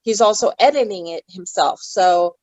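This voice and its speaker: Interviewed as an actress, a woman chats casually at normal speed in a darkish, medium-pitched voice, wandering off and losing track of her point. There's no echo on the rough recording.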